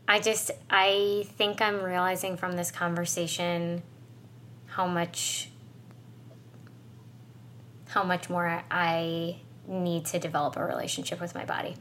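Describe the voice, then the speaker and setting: A woman's voice: fairly low pitch, level tone, slow pace, pauses often, fairly bright tone, slight background noise. Tearful woman opening up on a podcast. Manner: emotional, tearful, reflective. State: choked up, crying. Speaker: podcast co-host. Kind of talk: casual heartfelt conversation.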